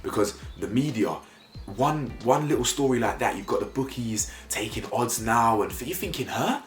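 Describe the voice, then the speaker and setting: Worked-up young man ranting. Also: moderate pace. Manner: animated, gets worked up, voice jumps high when indignant. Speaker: YouTube commentator. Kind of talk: opinionated commentary vlog. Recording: roomy echo, faint music behind.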